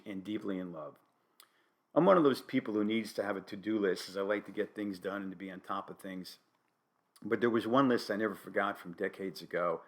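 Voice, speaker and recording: An older man from New Haven, Connecticut, with a New England accent, hosting a solo podcast with dry, wry, deadpan humor. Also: on the low side. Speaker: podcast host.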